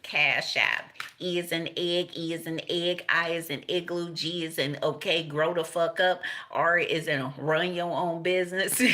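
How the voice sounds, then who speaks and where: A woman's voice: on the low side, steady tone, unhurried, bright, forceful tone. Profane, rambling older woman reader. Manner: profane, rambling, laughing often. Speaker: tarot reader. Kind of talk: casual spiritual reading.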